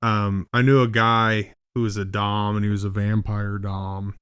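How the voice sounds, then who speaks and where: Thirties male podcast host, low-pitched, unhurried, crude joking storyteller, dry sound. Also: flat delivery, fairly bright tone, clear, resonant tone, no room sound. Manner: profane, rambling, joking. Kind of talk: casual comedic storytelling.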